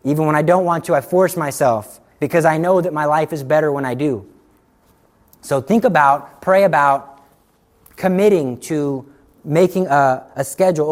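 A middle-aged man giving a sermon, telling a story with lively acted-out dialogue. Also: a little high, normal speed. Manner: animated storytelling, acts out dialogue. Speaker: Catholic speaker.

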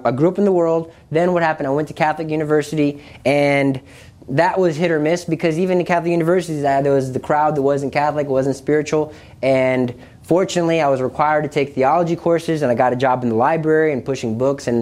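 A young man earnestly recounting a personal religious testimony, confessional and animated, often restarting his sentences. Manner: earnest, confessional, with many restarts and pitch jumps. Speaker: speaker sharing his testimony.

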